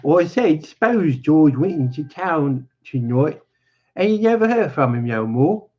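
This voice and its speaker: A man voicing a lonely, needling older male stable hand, drawn out and raised in pitch, on a dull lo-fi recording. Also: sing-song, a little slow, mellow.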